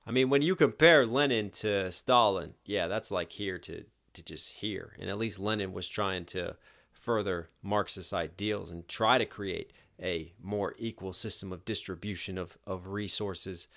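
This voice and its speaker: A young man, a rapper, reacting to a music video in casual, animated commentary, swearing and laughing often. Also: deep voice, normal speed, creaky.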